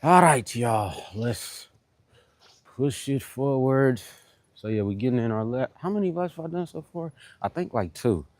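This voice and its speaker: A man with an animated, darkish mid-range voice talks a little slowly, with no echo. Between workout sets on a fitness livestream, he chats loosely with viewers, greets commenters, and keeps dropping "you know what I'm saying."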